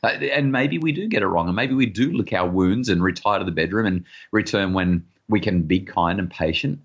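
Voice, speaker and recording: Husky deep-voiced man, earnest. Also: normal speed, muffled recording. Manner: earnest, repeats words when starting sentences. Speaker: parenting expert guest. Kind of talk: podcast interview.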